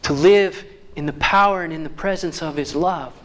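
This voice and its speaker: High-voiced man preaching a sermon. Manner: reads scripture slowly, then jokes warmly with the crowd.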